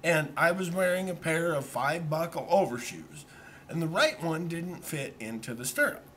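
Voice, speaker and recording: A man tells a long childhood story to a camera that a friend holds, rambling along and poking fun at himself. His voice sits slightly high and comes across bright and forceful, and he keeps circling back with easy asides. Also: lively intonation, moderate pace, a little hiss or hum. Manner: rambling and self-deprecating, with repeated "so anyway". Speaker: vlogger telling a childhood story. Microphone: camera held by a friend.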